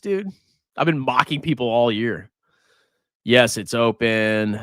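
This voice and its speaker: A man hosting a casual personal finance livestream, talking in a sarcastic, mocking, excitable way. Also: mid-range voice, slow pace, clear, resonant tone, no room sound, studio quality.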